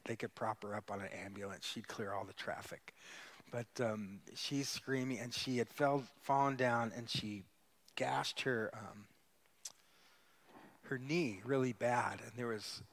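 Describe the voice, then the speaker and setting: Guest preacher, man, middle-aged, storytelling sermon, emphatic swells. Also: medium pitch. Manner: storytelling preacher, emphatic, rising to loud peaks. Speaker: guest pastor.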